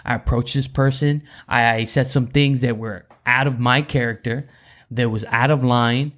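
An earnest man talks through a personal story with a co-host in a faith-centered conversation. His voice sits at an ordinary pitch, and he restarts his sentences often as he feels his way through it. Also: fairly even intonation, normal speed, fairly bright tone. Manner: earnest, rambling with many restarts.

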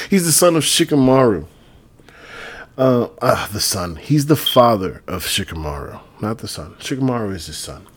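A man's voice: medium pitch, sing-song, a little slow, slightly rough. A man talking in a loose, rambling, profane casual monologue. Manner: rambling, profane, laid-back. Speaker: vlogger.

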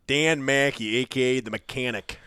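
A man's voice: mid-range voice, pushed and bright, clean tone, no room sound. A man joking and telling stories in casual podcast chat, laughing often. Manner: quick, laughing, joking banter.

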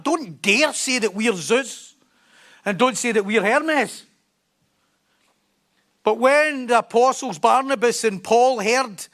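Preacher, high gravelly voice, animated and joking, sermon delivery. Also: male voice. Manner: animated, joking, repeats words.

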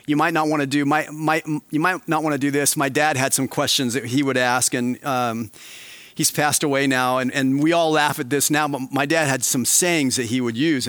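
A man preaching a sermon in a mid-pitched voice. He swings from hushed, drawn-out emphasis to animated, raised passages. The sound is dry and close. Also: dry recording. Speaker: pastor.

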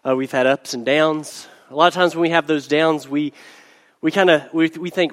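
Hoarse pastor with a cold. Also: male voice, a little high, steady tone, normal speed, fairly bright tone, in a large hall. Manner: conversational, many "uh" fillers and restarts. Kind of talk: sermon. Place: church hall.

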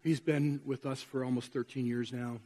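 A man's voice: medium pitch, flat delivery, moderate pace, warm tone. A man preaching a sermon to his congregation in a church, conversational and often asking them questions. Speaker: pastor. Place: church sanctuary.

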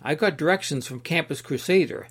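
A man's voice: fairly high pitch, fairly quick, voice pushed up, natural voice. A man voicing an earnest young seeker.

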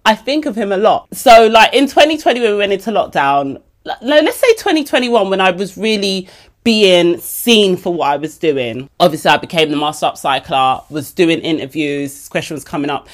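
A woman tells a personal story on her podcast in a lowish, lively voice. She is chatty and animated, slipping into the voices of the people in her story. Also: moderate pace. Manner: animated and chatty, acting out dialogue. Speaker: podcast host. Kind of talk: casual storytelling monologue.

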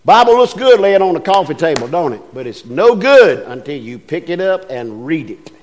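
Folksy older preacher, high voice. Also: male voice, very animated, normal speed. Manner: homespun storytelling, acts out voices in anecdotes. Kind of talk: folksy sermon with stories.

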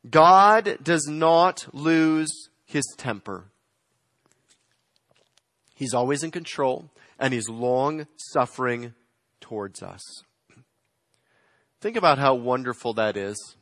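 A man preaching a sermon, swinging between loud emphatic lines and quiet, slowed phrases. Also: mid-range voice, dry recording, studio quality. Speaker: pastor.

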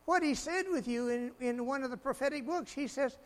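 A man preaching a sermon in an animated way, swinging from loud exclamations to quiet asides and laughing often. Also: very high-pitched, brisk, hardly any pauses. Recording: mains hum behind the voice.

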